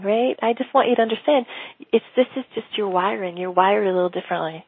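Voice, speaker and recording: A woman business coach teaching in a casual, animated way, often acting out quoted dialogue and laughing. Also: medium pitch, a little fast, husky, no echo. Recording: tinny phone-like sound.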